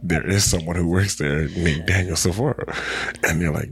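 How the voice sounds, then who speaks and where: Deep husky young guy on a podcast, rambling animated story, lots of repeats. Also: moderate pace. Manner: animated storyteller, repeats words, laughs often. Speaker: podcast co-host. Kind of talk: casual storytelling chat.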